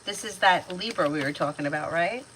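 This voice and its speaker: A woman's voice: fairly low pitch, a little fast, fairly bright tone, slight background noise, poor audio. A woman in her thirties giving chatty, casual tarot readings on a livestream, laughing often as she talks. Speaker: tarot reader.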